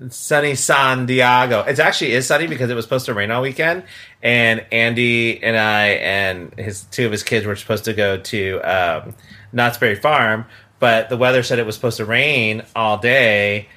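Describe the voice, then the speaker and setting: A man's voice: medium pitch, moderate pace, sharp tone. A man hosting a podcast, chatting casually and teasing his guest playfully. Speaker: podcast host. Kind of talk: casual chat.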